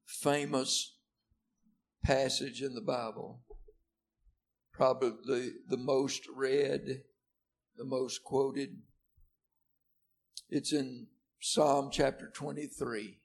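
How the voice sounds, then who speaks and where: Gravelly-voiced male pastor preaching. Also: medium pitch, fairly even intonation, slow, pauses often. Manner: preaching with sharp swings between loud and hushed; repeats and restarts words when stressing a point. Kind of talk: sermon. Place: church service before a seated congregation.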